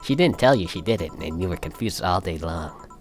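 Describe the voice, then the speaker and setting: A man voicing a calm young woman who lost her sister, speaking in a measured, soft, explanatory way in a fan reading of a visual novel. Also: deep voice, faint music behind. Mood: fond.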